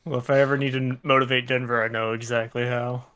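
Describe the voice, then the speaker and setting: Bright-voiced teasing man at a game table. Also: medium pitch, little pitch movement, fast talker, clean tone. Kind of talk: casual table talk.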